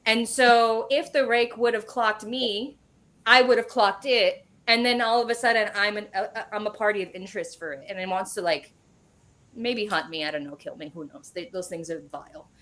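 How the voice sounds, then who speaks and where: A woman guest, a medium, telling a personal story in a casual interview, animated and sprinkled with swearing. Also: medium pitch, normal speed.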